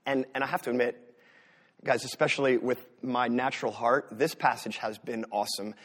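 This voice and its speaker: A man's voice: mid-range voice, fairly even intonation, fairly quick, a bit bright. A man from the US Northeast preaching a sermon as pastor, talking in a conversational way with sarcastic asides.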